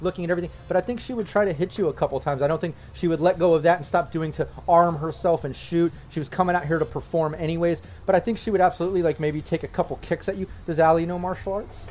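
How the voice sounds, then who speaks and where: A man's voice: on the high side, steady tone, fast talker, few pauses, darkish tone, slight background noise. Man narrating a game with loose, chatty fillers. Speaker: game master.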